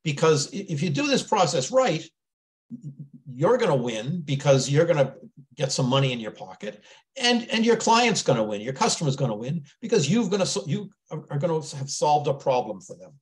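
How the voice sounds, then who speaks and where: A man's voice: on the high side, very animated, moderate pace. A man who is a business mentor, presenting a sales webinar in an earnest, conversational way and often repeating words as he thinks aloud.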